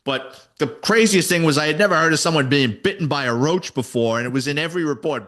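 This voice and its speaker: A man, a retired detective and author, telling stories in a casual interview, animated and salty. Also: on the high side, fast, hardly any pauses. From New York City. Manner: animated storyteller, voices quoted people, swears casually.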